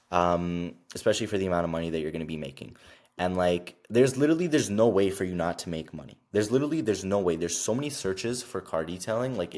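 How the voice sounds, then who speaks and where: Young male business vlogger with a deep voice. Casual, chatty and full of fillers. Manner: fast, filler-heavy with frequent "like" and "literally". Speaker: online business creator. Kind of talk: casual screen-share explainer.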